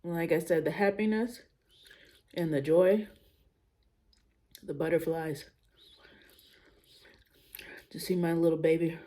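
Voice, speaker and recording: A young woman vlogging in a relaxed, unhurried way, thinking out loud and speaking frankly in casual slang. Her voice is warm and dark-toned and sits fairly low, and she lets her sentences drift at an easy pace. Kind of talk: casual personal vlog talk.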